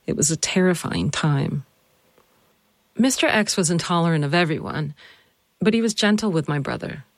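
A narrator and host telling a personal family story, then questioning their mother, earnest and slowing down to stress points. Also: mid-range voice, expressive, no room sound, studio quality. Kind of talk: reflective personal narration and interview.

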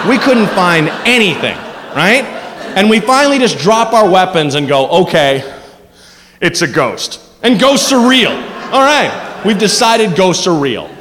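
Male stand-up comic, high and very animated, mutters low then shouts; live stage recording with hall reverb. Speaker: stand-up comedian. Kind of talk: stand-up storytelling.

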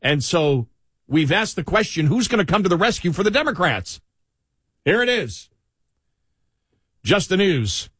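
A man's voice: high-pitched, sing-song, measured pace, pauses often, fairly bright tone, slightly rough, no room sound, clean studio sound. A man with a Buffalo accent co-hosting a talk radio show, chatting casually and leaning on fillers. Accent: Buffalo, New York. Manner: chatty, leans on fillers, laughs often. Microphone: studio microphone.

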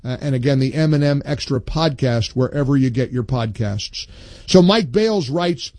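A man hosting a call-in talk radio show, reading listener posts aloud with emphatic pauses and chatting with callers. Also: mid-range voice, expressive, darkish tone, no echo.

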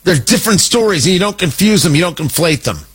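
A man's voice: high-pitched, expressive, quick pace, a bit bright, husky, low-quality recording. A man hosting a political commentary show, talking in an indignant, emphatic way with mocking asides. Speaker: talk show host.

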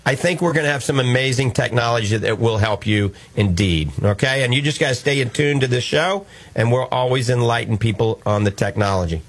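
A man's voice: medium pitch, a little fast, few pauses. A man with a New Orleans accent hosting a call-in health radio show as a doctor, folksy and reassuring. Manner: folksy, reassuring, chatty with laughs.

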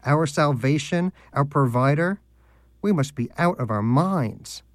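A man voicing a cranky, skeptical male pet hamster who talks in a shrill, exasperated, sarcastic way, as an audiobook character. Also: lively intonation, unhurried, no echo.

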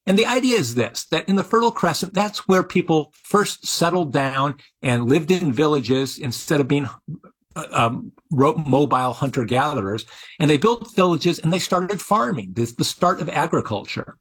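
Husky middle-aged male professor explaining. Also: fairly high pitch, lively intonation, normal speed, fairly bright tone. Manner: explanatory, with frequent restarts. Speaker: evolutionary biologist and professor. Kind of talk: interview answers.

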